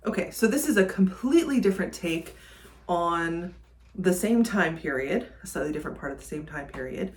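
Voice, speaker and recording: A woman's voice: on the low side, lively intonation, normal speed. A woman chatting casually in a book vlog, thinking aloud with frequent ums. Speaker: book vlogger. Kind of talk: casual reading vlog chat.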